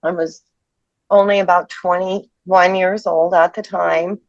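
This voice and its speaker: A tearful woman in her fifties telling a personal ghost story in a halting, emotional way. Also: lowish voice, flat delivery, no room sound. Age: 50s. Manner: halting, emotional, restarts mid-sentence. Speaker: person sharing a ghost experience. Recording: dull lo-fi dry audio.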